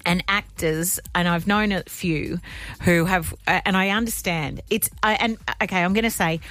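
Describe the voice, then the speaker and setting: A woman's voice: fairly low pitch, steady tone, normal speed, a bit bright, faint music behind. A woman co-hosting a radio show, chatting casually in a self-deprecating way. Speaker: radio co-host. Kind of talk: casual on-air banter.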